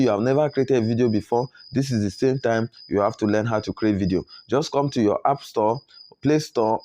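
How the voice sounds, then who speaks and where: A man with a Nigerian English accent walking learners through a software tutorial, often checking in with a rising "okay?". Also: medium pitch. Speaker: video editing tutor. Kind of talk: screen tutorial walkthrough.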